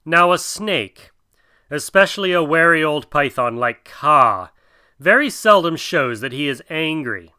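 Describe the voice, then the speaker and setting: A man narrating a classic tale as an audiobook in a measured, expressive reading. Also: a little high, clean tone.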